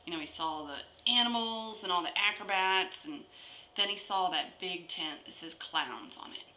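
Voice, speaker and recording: A woman telling a long shaggy-dog joke as a story, with drawn-out pauses between phrases. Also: lowish voice, pushed and bright. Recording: echoey room with faint ambience.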